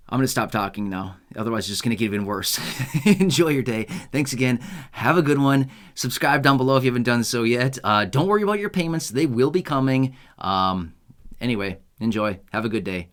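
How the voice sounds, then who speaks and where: A man's voice: medium pitch, expressive, fairly quick, a bit bright. A young man from the United States, hosting a casual unscripted video in a rambling, self-mocking way and laughing often. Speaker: YouTube host.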